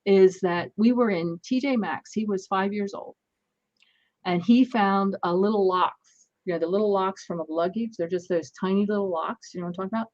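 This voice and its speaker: Woman telling lively parenting stories. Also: medium pitch, brisk, muffled recording. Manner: animated anecdotes, acts out dialogue. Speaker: guest, energy healer. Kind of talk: casual storytelling in an interview.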